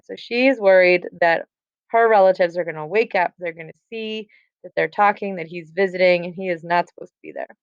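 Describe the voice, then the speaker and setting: A young woman talks through a play in a casual, chatty way, with fillers and dry asides. Her voice is smooth and clear, recorded close and dry with a slightly dull tone. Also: fairly low pitch, normal speed, dry recording. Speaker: teacher explaining a play. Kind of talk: casual explanatory reading.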